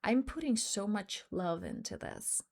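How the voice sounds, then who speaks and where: Woman coach, non-native English speaker, earnest motivational storyteller, mid-pitched voice. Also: huge pitch swings, measured pace, a little mellow. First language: not English. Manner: earnest, storytelling with quoted dialogue. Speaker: life coach. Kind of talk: motivational talk to camera.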